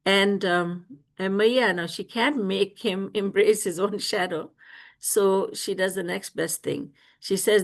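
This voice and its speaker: A woman spiritual teacher telling devotional stories in an animated way, often laughing and acting out scenes, over a video call. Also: mid-range voice, unhurried. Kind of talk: devotional storytelling discourse.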